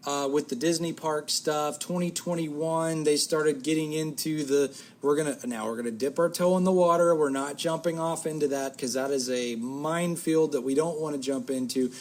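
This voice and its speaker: Rambling talkative man, slightly high voice. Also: fairly even intonation, moderate pace, hardly any pauses, a little mellow. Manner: rambling, self-correcting, joking. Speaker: podcast co-host. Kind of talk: casual chat.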